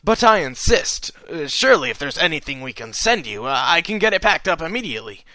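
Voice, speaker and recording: A man's voice: on the high side, sing-song, brisk, bright, forceful tone, dry recording, voice pushed up. A man voicing a flustered male shop owner who fumbles his words, eager to please. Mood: insistent. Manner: hesitant, fumbling with fillers.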